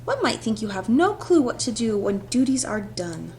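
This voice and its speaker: A woman voicing a spirited, witty young heroine, reading a visual novel aloud with a bright, playful touch. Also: a little high, sing-song, moderate pace, a little hiss or hum.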